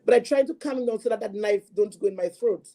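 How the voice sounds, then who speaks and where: A woman talking about her own past in a halting, earnest way, often repeating herself as she recounts it. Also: fairly high pitch, crowd noise. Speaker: guest sharing a personal story. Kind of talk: emotional personal testimony.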